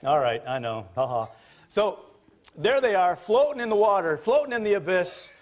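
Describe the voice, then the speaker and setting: A male pastor delivers a sermon with a somewhat high voice. He tells the story in an animated, jokey way, swinging his pitch and volume widely. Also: normal speed.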